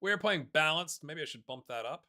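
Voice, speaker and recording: A man giving casual, excitable commentary on a football management game, chatting to his viewers and calling the players lads. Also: fairly high pitch, normal speed. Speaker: gaming YouTuber. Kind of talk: casual let's-play commentary.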